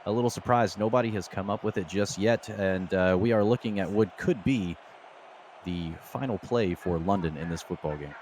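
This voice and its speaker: A man's voice: low voice, normal speed, a little mellow, a little hiss or hum. A man giving color commentary on a simulated football game in a folksy way, full of exclamations. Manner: folksy, leans on exclamations like "boy, oh boy". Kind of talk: live esports football commentary.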